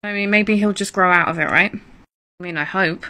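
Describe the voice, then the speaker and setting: A woman's voice: mid-range voice, moderate pace, sharp tone, low-quality recording. A mother telling a creepy story about her son in a wry, chatty, disbelieving way. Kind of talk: casual storytelling to camera.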